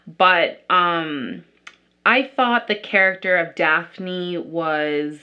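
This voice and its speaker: A woman's voice: fairly low pitch, drawn-out words, clean tone, muffled recording. A young woman vlogger chatting casually as she does her makeup, rambling with lots of likes and restarts. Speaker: beauty vlogger. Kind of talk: casual chat while doing makeup.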